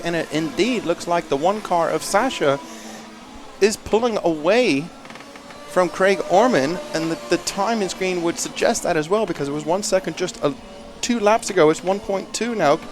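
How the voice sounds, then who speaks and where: High-voiced guy doing live race commentary, chatty, jokes at himself, gets all excited. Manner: chatty, self-deprecating, excitable bursts. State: a little out of breath.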